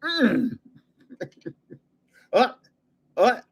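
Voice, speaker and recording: A man's voice: very high-pitched, animated, drawn-out words, vocal fry, husky. A man in his seventies hosting a casual livestream, rambling, chuckling often and trailing off while searching for words. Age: 70s. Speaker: livestream host.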